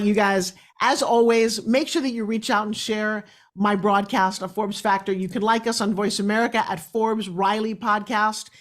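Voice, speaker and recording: A middle-aged woman from New York hosting a talk show, enthusiastic and chatty as she tells stories. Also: medium pitch. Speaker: host.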